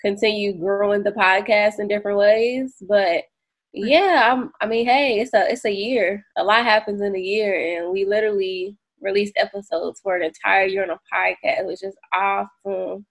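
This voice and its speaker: A woman co-hosting a podcast, chatting loosely and thinking out loud with many fillers. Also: medium pitch, fairly even intonation, moderate pace. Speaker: podcast co-host. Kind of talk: casual podcast chat.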